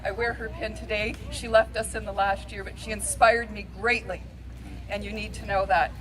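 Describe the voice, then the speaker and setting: A woman's voice: medium pitch, fairly even intonation, moderate pace, fairly bright tone, low-quality recording. A woman speaking as district governor at a ceremony over a video call, in a heartfelt, thankful way. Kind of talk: ceremony speech.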